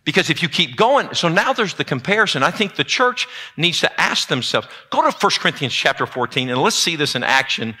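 A man preaching a sermon in a church, with a lively call-and-response delivery. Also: on the high side, fairly quick, hardly any pauses, slightly rough. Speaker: pastor. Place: church sanctuary.

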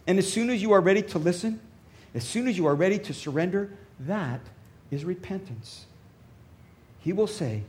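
Pastor guy preaching, high voice, really animated, storytelling. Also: moderate pace, slight background noise. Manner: storytelling, varies loudness for emphasis. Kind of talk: sermon.

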